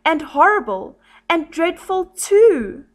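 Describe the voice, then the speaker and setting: A fretful, timid little storybook creature, as a woman reads him aloud. His worried lines rise high and anxious, each question hanging with nervous dread. He talks slowly and carefully. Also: very animated, full character voice.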